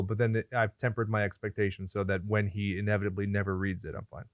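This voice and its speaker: A man's voice: on the low side, level tone, fast, few pauses, dry recording. A man hosting a podcast, reviewing a movie in casual chat with sarcastic, joking asides. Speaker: podcast host.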